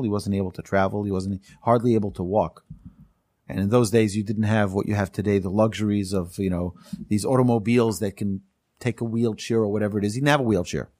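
A man teaching a class, telling stories earnestly and emphatically, often restarting his sentences and slowing down to stress key points. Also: fairly low pitch, a little mellow, dry recording, studio quality. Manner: slows down to stress key phrases.

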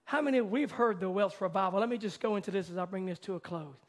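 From the pulpit, a pastor with a notably high voice preaches quickly, dropping into hushed softness before building to a loud, climbing fervor.

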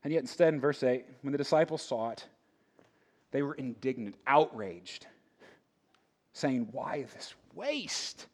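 A man preaching a conversational sermon, asking the room rhetorical questions and swinging between loud emphasis and hushed asides. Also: medium pitch, measured pace, pauses often. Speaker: pastor.

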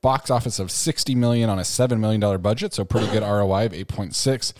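Low-voiced man, dry close recording. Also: darkish tone, no room sound. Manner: plain, reads facts in quick list. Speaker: podcast co-host. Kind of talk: casual chat.

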